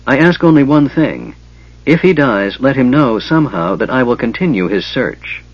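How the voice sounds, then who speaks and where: A man's voice: mid-range voice, big pitch swings, moderate pace, no echo. A man voicing a grieving, determined woman chieftain and priestess, speaking in an impassioned, pleading way, on a slightly dull recording. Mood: resigned.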